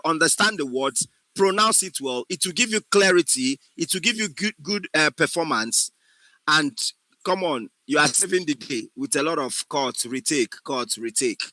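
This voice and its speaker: A man lectures an acting class in an emphatic voice and keeps checking whether his students follow. His tone is bright and forceful, pitched a little high, and it sounds close and dry. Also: no room sound, low-quality recording. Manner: emphatic, often checks understanding. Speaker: acting instructor.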